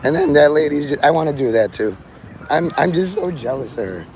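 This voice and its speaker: A man's voice: fairly high pitch, animated, fairly quick, a little mellow. Rambling man on a noisy city stream. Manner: loose, joking, swears casually, talks to birds and viewers. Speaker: livestream vlogger. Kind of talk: rambling live stream chat. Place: open-air plaza among tall city buildings, outdoors. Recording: outdoor phone audio with street noise. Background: city street ambience.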